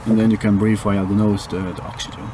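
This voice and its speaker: A man's voice: on the low side, level tone, quick pace, noisy background. A man from an aircraft company plainly showing the features of a small plane.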